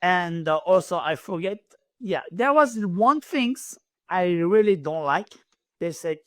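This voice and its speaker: Animated young man, English. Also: a little high, unhurried, no room sound. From Ivory Coast. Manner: non-native English, animated, says "you know" and "bro" often. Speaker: guest. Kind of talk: casual interview chat. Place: small room in military lodging.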